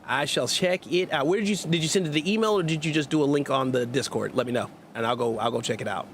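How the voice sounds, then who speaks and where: Quick-paced and fairly bright, this medium-pitched man streams gameplay while joking with viewers and reading their messages. The let's play commentary is casual and playful with sarcastic jabs, over a little hiss or hum.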